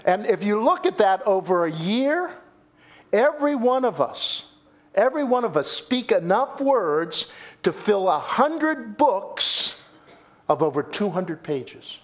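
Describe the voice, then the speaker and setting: Male pastor, sermon delivery, slow, animated pitch, emphatic repetition. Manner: dramatic storytelling with emphatic repetition; addresses listeners as folks.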